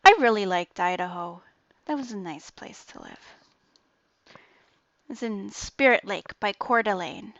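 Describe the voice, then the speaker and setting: A woman's voice: mid-range voice, lively intonation, a little slow, creaky, pauses often, a bit bright, no room sound, lo-fi sound. A young woman, chatting casually while gaming and laughing often. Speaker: gaming streamer.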